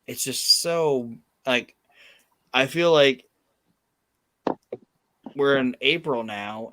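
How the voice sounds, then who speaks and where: A man's voice: medium pitch, a bit bright, no echo. Profane, emphatic male podcast host. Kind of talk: casual chat.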